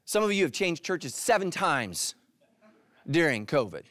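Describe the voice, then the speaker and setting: A middle-aged male pastor preaching a sermon, animated, dropping into soft intense asides. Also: measured pace, dry recording. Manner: animated, voices quoted characters with jumps in pitch.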